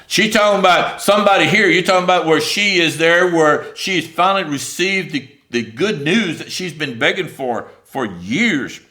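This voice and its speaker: A man preaching a sermon in a conversational, animated way, with many fillers, reading scripture aloud and paraphrasing it. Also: on the high side, normal speed, few pauses.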